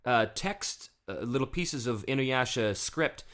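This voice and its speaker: Animated, bright-voiced male podcast host. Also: mid-range voice, unhurried. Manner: chatty and animated, laughs often. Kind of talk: casual interview chat.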